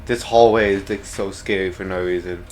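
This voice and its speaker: A young man playing a horror game, swearing in panic, yelling at monsters and muttering low when tense. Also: steady tone, normal speed, a little hiss or hum. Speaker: gamer.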